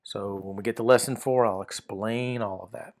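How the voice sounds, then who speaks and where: A man's voice: on the low side, fairly even intonation, moderate pace, a little mellow. A man teaching a recorded grammar lesson, explaining patiently and often repeating words and saying "uh" and "um".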